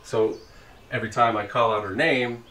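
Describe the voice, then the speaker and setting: A man's voice: mid-range voice, steady tone, normal speed, bright, forceful tone, roomy sound, distant mic, close to an everyday voice, low-quality recording. An actor playing a socially anxious father at a playground, in a comic monologue, stammering and overeager. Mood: overeager chatty. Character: socially anxious park dad posing as a celebrity.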